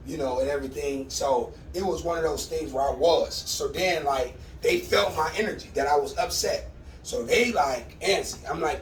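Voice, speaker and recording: A man's voice: a little high, moderate pace, slight background noise. Laid-back man, roomy distant sound. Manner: laid-back, conversational, repeats dog commands. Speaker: dog owner training his puppy. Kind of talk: casual instructional vlog. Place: at home with his dogs. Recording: roomy, distant mic with faint ambience.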